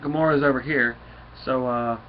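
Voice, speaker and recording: A man's voice: medium pitch, fairly even intonation, normal speed, lo-fi sound. A man giving a casual comic book recap, rambling and full of fillers.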